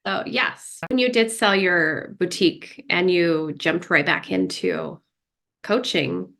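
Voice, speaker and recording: A woman co-hosting a casual podcast as a therapist, telling stories in an animated way and acting out her own past thoughts. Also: fairly low pitch, takes it slowly, vocal fry.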